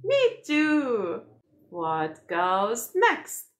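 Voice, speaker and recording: Female toddler teacher, high sing-song and very lively pitch, slow repetition. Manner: slow, exaggerated sing-song, repeating words. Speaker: children's teacher. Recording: roomy echo.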